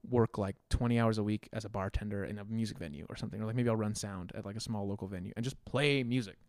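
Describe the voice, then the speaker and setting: A man's voice: fairly low pitch, fast, no room sound. Young man chatting in a dry room. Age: young adult. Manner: relaxed, rambling, laughs often. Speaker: musician guest. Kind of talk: casual conversation.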